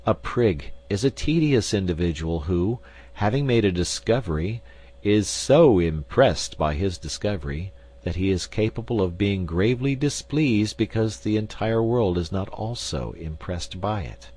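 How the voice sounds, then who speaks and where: Man, low voice, audiobook narration, measured formal reading of an essay. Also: animated, a little mellow, low-quality recording. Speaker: audiobook reader.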